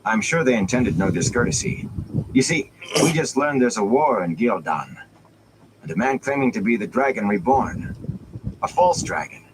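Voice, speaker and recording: A man's voice: lowish voice, animated, normal speed, background noise, pitched above the performer's own voice, natural voice. A man doing an earnest young villager.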